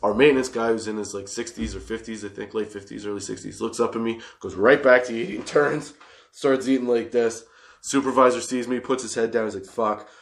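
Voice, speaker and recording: A man's voice: medium pitch, fairly even intonation, brisk, creaky. A man in his thirties telling a workplace story as a casual monologue, swearing freely and laughing often.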